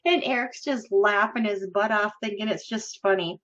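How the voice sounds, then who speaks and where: A woman's voice: medium pitch, normal speed, a bit bright. A woman hosting a podcast, telling a story in a casual, giggly, chatty way. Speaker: podcast host. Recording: lo-fi recording.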